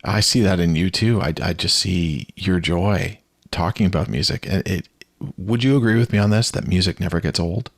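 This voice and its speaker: A man's voice: low-pitched, moderate pace, creaky, no room sound, clean studio sound. A man hosting a podcast interview, speaking in an earnest way and often repeating words. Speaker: podcast host.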